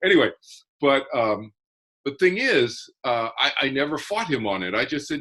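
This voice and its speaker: A man's voice: mid-range voice, animated, normal speed, pushed and bright. A man, an author being interviewed, explaining his ideas earnestly in casual conversation and often restarting his phrases.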